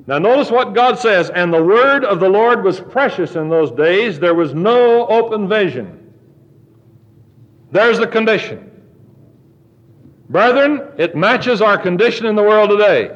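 A man preaching a sermon, reading scripture aloud slowly and deliberately. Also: sits high, expressive. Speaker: pastor. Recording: dull lo-fi sermon recording.

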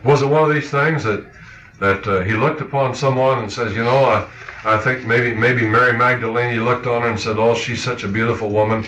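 A man preaching a sermon, talking earnestly with halting restarts and acting out quoted thoughts. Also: medium pitch, steady tone, sharp tone. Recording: echoey, muffled old sermon recording.

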